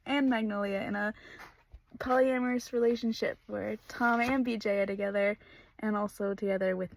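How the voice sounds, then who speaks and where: High-voiced gushing young woman vlogger. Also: gravelly, dry recording. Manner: gushing, exasperated, laughs and rants. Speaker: book vlogger. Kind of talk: casual reading vlog reactions.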